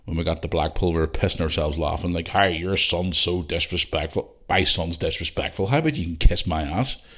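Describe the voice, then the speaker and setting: A middle-aged man with a Northern Irish accent hosting a podcast, rambling and swearing, and growing heated and loud. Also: low-pitched, fast talker, slightly rough. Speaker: podcast host. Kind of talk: casual monologue.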